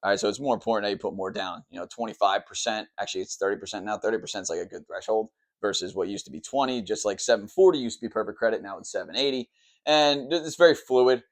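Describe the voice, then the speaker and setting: A man who works as a mortgage lender, explaining the loan process at a whiteboard in a quick, rambling way, always checking in with "okay" and "all right". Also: lowish voice. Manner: says he talks fast and tries to slow down.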